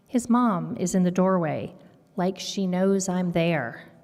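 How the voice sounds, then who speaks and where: Slow, expressive woman reading a story. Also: lowish voice. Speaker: children's story reader at a worship service. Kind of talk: reading a picture book aloud. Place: congregation sanctuary. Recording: long hall reverb.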